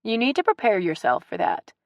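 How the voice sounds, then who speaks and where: A woman voicing a calm, matter-of-fact mother in an audiobook. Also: on the high side, fairly quick, no echo, pitched above the performer's own voice. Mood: firm. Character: calm, patient mother, dry and firm.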